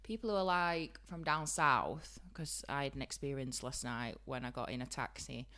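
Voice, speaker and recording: A bubbly woman with a broad Yorkshire accent chats and giggles through a podcast conversation. Her voice sits low for a woman but rings bright and forward. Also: normal speed. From Yorkshire, England. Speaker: podcast co-host, beauty trainer. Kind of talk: casual chat.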